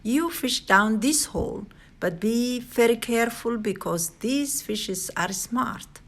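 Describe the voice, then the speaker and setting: A woman's voice: on the high side, animated, slow pace, voice pushed up, heavily acted. A woman voicing an emphatic, protective father in a read-aloud storybook. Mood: instructive. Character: bossy outdoorsy father, loud and protective.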